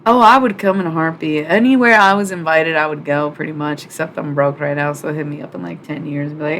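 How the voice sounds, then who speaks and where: A young woman streamer reads oracle cards live and chats loosely with her viewers. She talks in a slightly low voice, swears freely and leans on filler words. Her delivery jumps into loud, excited outbursts, and faint noise hums behind her. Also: brisk. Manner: chatty, profane, full of "like" fillers.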